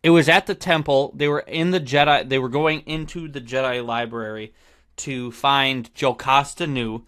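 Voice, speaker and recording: A man's voice: mid-range voice, fairly even intonation, normal speed, fairly bright tone, clean tone. A man hosting a podcast in casual chat, rambling and often trailing off to restart his thought. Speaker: podcast host.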